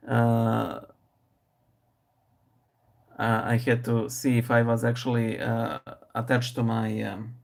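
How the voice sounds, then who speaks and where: A man's voice: medium pitch, creaky. A man hosting a casual live stream, thinking aloud with many fillers and restarts, speaking English with a noticeable non-native accent. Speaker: live-stream host painting and answering viewer questions.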